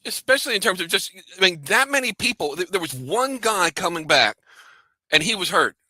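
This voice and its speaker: A man's voice: high-pitched, lively intonation, a little fast, sharp tone. Wisecracking man on a sports panel. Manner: wisecracking, teasing. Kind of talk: casual sports talk.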